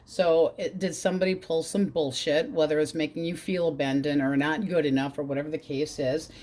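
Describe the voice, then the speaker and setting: Woman, low voice, casual tarot reader, blunt and profane. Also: steady tone, a little fast, a little mellow. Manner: blunt, swears freely, quotes in exaggerated voices.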